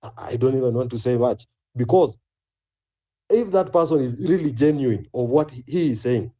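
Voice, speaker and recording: A man's voice: mid-range voice, normal speed, dark tone. A Kenyan man giving a blunt, angry speech full of profanity. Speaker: speaker in a live online audio room.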